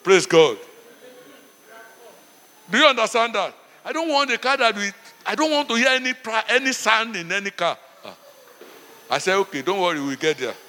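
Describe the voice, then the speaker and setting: A man's voice: high voice, big pitch swings, normal speed, long pauses, pushed and bright, big-room sound. A middle-aged man with a Nigerian accent, a pastor preaching a sermon and telling stories, often saying "Praise God.".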